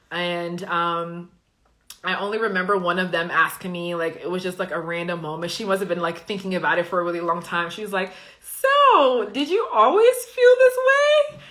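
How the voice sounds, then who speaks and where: A woman's voice: lowish voice, pushed and bright. A Liberian-born woman who works as a coach, chatting casually while answering viewer comments, chatty and emphatic. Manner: chatty, emphatic, often says "okay?". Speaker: coach and live-stream host.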